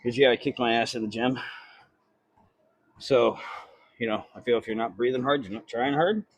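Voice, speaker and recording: A man's voice: medium pitch, normal speed, slightly rough, dry recording. A man vlogging from a treadmill after a workout, out of breath, talking in a rambling, profane, casual way into a phone held close. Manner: rambling, profane, self-deprecating. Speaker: fitness vlogger. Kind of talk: casual vlog chat. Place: gym, on an incline treadmill.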